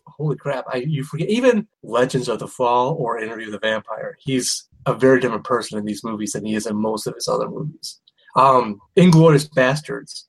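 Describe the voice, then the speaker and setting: A man co-hosting a casual chat, animated and opinionated, rambling through asides. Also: medium pitch, slightly rough. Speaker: podcast co-host. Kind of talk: casual chat about movies.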